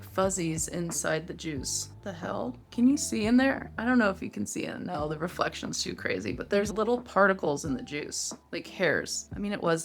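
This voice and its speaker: A woman's voice: on the low side, a bit bright. A woman in her thirties chatting expressively as she reviews perfumes in a casual vlog, reacting aloud as she smells each one. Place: home room with a fan running.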